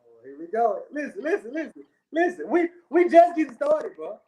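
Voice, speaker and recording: A woman co-hosts a casual sports podcast in a high, mellow voice. Her pitch leaps around as she spins stories, laughs, and keeps checking in with "okay?". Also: moderate pace. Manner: animated storyteller, keeps repeating okay, laughs often. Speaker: podcast co-host.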